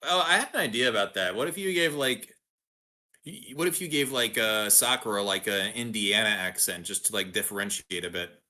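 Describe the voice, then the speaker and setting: Bright-voiced man, stammering and easygoing. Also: lowish voice, brisk. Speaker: co-host and reader. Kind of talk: casual stream chat.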